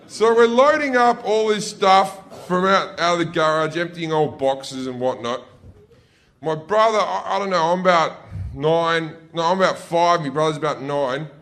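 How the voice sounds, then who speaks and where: A man's voice: on the high side, normal speed. Australian man telling stand-up stories. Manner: profane, loose, jumps into loud yelled impressions. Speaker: stand-up comedian. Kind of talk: stand-up storytelling. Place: stage before a laughing audience.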